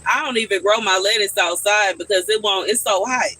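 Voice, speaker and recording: A man's voice: high-pitched, brisk, sharp tone, slightly rough, poor audio. A man chatting casually on a live stream from his backyard garden, answering his viewers' questions.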